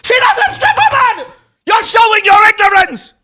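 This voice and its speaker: A man's voice: very high voice, very animated, normal speed, voice pushed up, exaggerated voice. A man reading a hot-headed British man's posts in a put-on British accent, furious and insulting. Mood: furious shouting. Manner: indignant, shouting insults.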